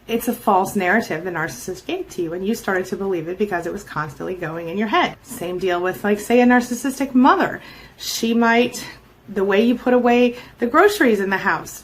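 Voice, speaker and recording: A middle-aged woman coaching viewers about toxic relationships, talking emphatically and acting out quoted lines with sudden jumps in pitch. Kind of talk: direct-to-camera coaching talk.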